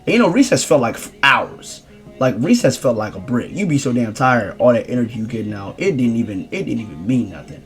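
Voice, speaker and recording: Young man, casual storytime vlog, slangy, rambling, lively swooping pitch, faint music behind. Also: brisk. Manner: rambling, slangy, animated, switching into voices. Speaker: streamer telling a story.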